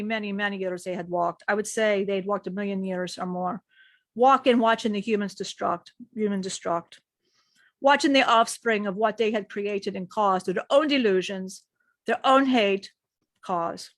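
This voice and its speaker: A woman telling a spiritual story in slow, repetitive storytelling while speaking as a male being she channels. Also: mid-range voice, no echo, studio quality.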